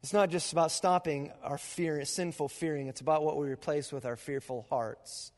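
A man preaching a sermon as pastor, telling stories with animated sound effects in a church auditorium. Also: on the high side, normal speed. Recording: long reverb of a large auditorium.

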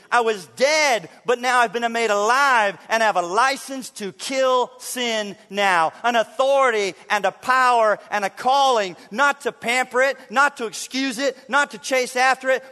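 A man preaching a sermon as pastor, emphatic and playful, swinging from loud declarations to hushed, drawn-out phrases. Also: very high-pitched. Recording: long church reverb.

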